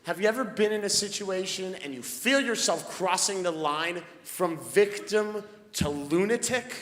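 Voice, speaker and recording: A man doing a stand-up comedy set on stage, telling a story and building to shouted punchlines. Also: sits high, unhurried. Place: comedy stage before a live audience. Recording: echoey hall with crowd noise.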